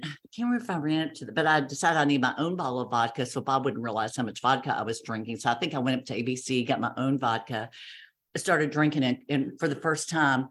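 A woman's voice: a bass voice, fairly bright tone. A woman sharing her recovery story in a candid, self-mocking way, acting out the voices of others. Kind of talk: personal testimony talk.

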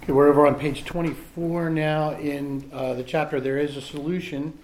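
A man's voice: fairly high pitch, flat delivery, normal speed, darkish tone, a little hiss or hum. A man reading aloud from a recovery book and sharing his own story in a candid, self-mocking way, often restarting his sentences. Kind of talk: reading aloud and personal testimony.

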